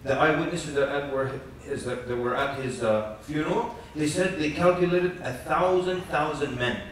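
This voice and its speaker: A man with a slightly high voice preaches to a conference crowd, lively and storytelling, acting out little quotes as he goes. He is heard from a distance in a very echoey hall with faint noise behind. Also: normal speed. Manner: animated storytelling with jokes and acted quotes. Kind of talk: conference lecture.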